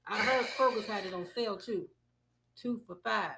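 A woman co-hosting a casual podcast, teasing her co-host with deadpan jokes and laughing often. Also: medium pitch, moderate pace, vocal fry, a little hiss or hum.

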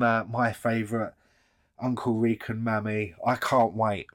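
A man's voice: fairly low pitch, dry recording. A man hosting a commentary show, mocking and swearing as he rambles. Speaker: host. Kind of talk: sardonic commentary.

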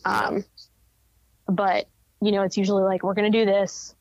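A woman's voice: mid-range voice, flat delivery, normal speed, a little mellow, no echo, highs cut off. A woman as a podcast guest, talking frankly and openly with many fillers. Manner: frank and chatty, many "like" and "you know" fillers. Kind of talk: candid podcast interview.

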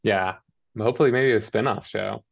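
A man's voice: on the low side, moderate pace, gravelly, highs cut off. A man casually recapping a TV episode with a co-host, rambling and quoting characters in mock voices. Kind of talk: casual chat.

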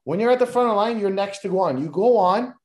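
A man co-hosting a casual wrestling podcast, ranting with heavy profanity and bursts of mock shouting. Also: high voice, quick pace, echoey room. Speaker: podcast co-host.

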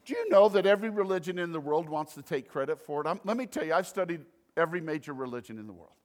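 A man preaching a sermon as pastor, animated, swinging between loud emphasis and quiet asides. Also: a little high, quick pace.

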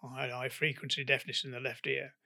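Older British man, anecdotal guest, gravelly and bright, animated teller who acts out the dialogue. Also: mid-range voice, fairly quick. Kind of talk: anecdotal storytelling in an interview.

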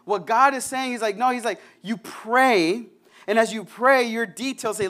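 A young man preaches in a loose, conversational way. His voice sits high for a man, and he slips into quick acted-out prayers and friendly chatter. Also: bright, forceful tone. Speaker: pastor. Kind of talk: sermon.

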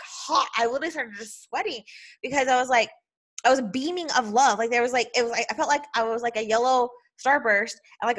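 Heartfelt woman podcaster, higher voice. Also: fairly bright tone. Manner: emotional, heartfelt, filler-heavy with constant "like". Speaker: podcast host. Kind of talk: casual personal storytelling.

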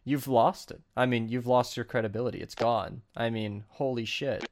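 A man chatting casually as a podcast co-host, rambling and animated, laughing often and swearing. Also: mid-range voice, normal speed, slight background noise. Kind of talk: casual chat.

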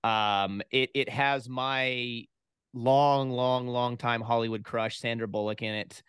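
A man's voice: medium pitch, fairly even intonation, slow, a bit bright, clean tone, dry recording. Chatty man hosting a podcast, dry. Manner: chatty, enthusiastic, stumbles on repeated words. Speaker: podcast host. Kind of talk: casual interview hosting.

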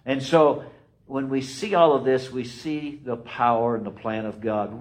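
A man preaching a sermon, emphatic and repetitive, swinging between loud rises and quiet drops. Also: medium pitch, steady tone, a little slow, low-quality recording. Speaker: pastor.

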